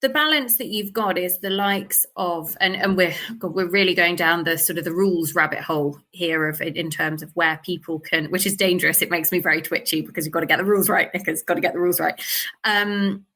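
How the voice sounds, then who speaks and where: Female podcast host, low-pitched and bright, brisk panel leader. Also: fairly even intonation, a little hiss or hum. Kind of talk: casual panel chat.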